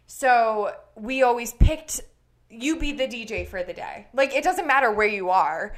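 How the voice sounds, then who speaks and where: Young woman, slightly high voice, co-host, casual rant energy, filler-heavy, laughs easily. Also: animated, measured pace. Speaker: podcast co-host. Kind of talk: casual ranting chat.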